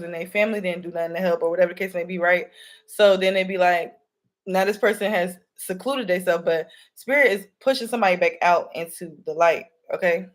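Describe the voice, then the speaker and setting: Woman, spiritual reader, casual rambling talk, calls viewers y'all, mid pitch. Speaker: spiritual reader and channel host. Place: home room with candles.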